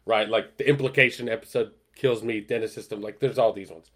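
A man co-hosting a podcast, rambling through a sitcom episode in a casual chat, with many fillers and louder acted-out quotes. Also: on the low side, steady tone, fairly quick. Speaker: podcast co-host.

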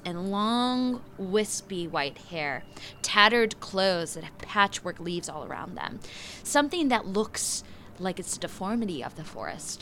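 A woman's voice: mid-range voice, fairly bright tone, slight background noise. A woman running a tabletop game as game master, narrating vividly and loosely with fillers.

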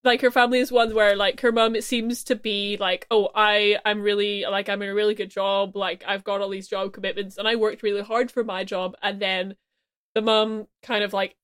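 A woman's voice: mid-range voice, little pitch movement, normal speed, a bit bright, clear, resonant tone, dry recording, clean studio sound. A woman co-hosting a casual podcast, chatty and full of filler words. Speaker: podcast co-host.

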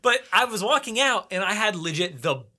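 Man, podcast co-host, casual chat, rambling, laughing, lively, swears a lot. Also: high voice, fairly quick, noisy background.

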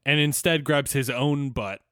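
A man's voice: mid-range voice, unhurried, bright, forceful tone, no room sound, clean studio sound. A man co-hosting a podcast in casual chat, playful and riffing on jokes as he goes. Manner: playful, riffs and trails off into jokes. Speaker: podcast co-host. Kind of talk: casual episode recap chat.

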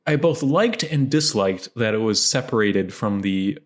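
A man's voice: lowish voice, lively intonation, measured pace. A man co-hosting a casual film chat, joking in a dry way and often laughing. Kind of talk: casual chat about films.

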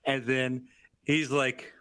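A man guest on a podcast, telling movie scenes in an animated, profane way and laughing at them. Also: mid-range voice, takes it slowly, smooth. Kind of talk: casual movie discussion.

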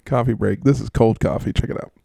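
A man's voice: mid-range voice, fairly even intonation, fast talker, vocal fry, mellow, breathy edge, dry recording. A man hosting a fantasy football podcast in a jokey, rambling casual chat. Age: adult, works as a schoolteacher. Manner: jokey and rambling, with frequent laughs.

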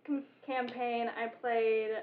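A woman's voice: a little high, level tone, slow. Giggly chatty woman, tinny sound. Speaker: tabletop game player. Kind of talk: casual group chat about a campaign.

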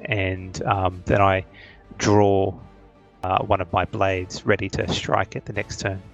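A man playing a tabletop game, chatty and deliberate as he describes his turn into a home mic on a voice call. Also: sits low, little pitch movement, faint music behind. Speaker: player.

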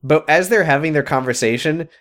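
A woman co-hosting a podcast, recapping a TV episode in casual chat and acting out characters' lines with jokes. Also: low-pitched. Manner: jokey, acts out characters' lines in quick voices. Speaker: podcast co-host.

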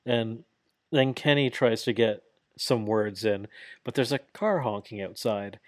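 Animated, swearing man in casual chat. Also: on the low side, measured pace, no room sound. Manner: animated, laughing, swears freely. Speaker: podcast co-host.

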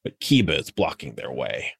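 A man's voice: a bass voice, big pitch swings, moderate pace, gravelly, slightly rough, no room sound, studio quality. A man co-hosting a podcast, retelling episode events in a loose, filler-heavy way. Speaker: podcast co-host. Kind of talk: casual episode recap.

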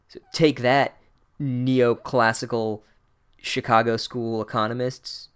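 A man's voice: mid-range voice, normal speed. Man, podcast host, comedic recap, sarcastic, irreverent, casual.

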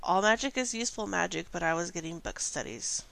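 A woman's voice: on the low side, animated, a little fast, creaky, a bit bright, no echo. A woman doing an eager young princess. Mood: pleading. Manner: earnest, flustered.

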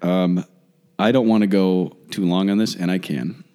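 A man with a very low, deep voice chats loosely on a talk show. He rambles and restarts often as he works his way into a topic. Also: fairly even intonation, dark tone. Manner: rambling, halting. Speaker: podcast co-host. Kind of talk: casual chat.

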